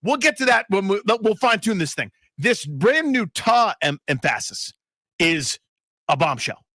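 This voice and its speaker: A man's slightly high voice moves up and down with lively pitch as he argues firmly on a sports talk show. He speaks in a casual, opinionated way. The sound is close and dry. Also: a little slow, dry recording. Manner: emphatic, opinionated. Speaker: sports radio co-host.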